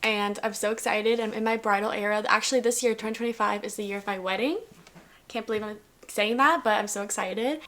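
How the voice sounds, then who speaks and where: A woman's voice: mid-range voice, steady tone, a little fast, fairly bright tone. A bubbly young woman in her twenties talks through her year in a casual vlog. Her voice sits in an ordinary middle register, and she keeps things upbeat and chatty with plenty of "like" fillers. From US South. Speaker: lifestyle vlogger.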